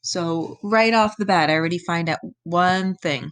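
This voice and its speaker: A woman's voice: lowish voice, normal speed, clean tone. Casual woman teacher reading a myth. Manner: casual, explains words in plain terms. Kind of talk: reading lesson, thinking aloud over a text.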